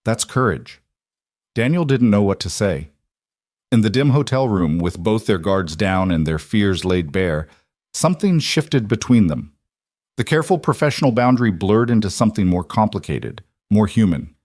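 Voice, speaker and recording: Low-voiced man narrating a story. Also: sing-song, normal speed, darkish tone, no echo, clean studio sound.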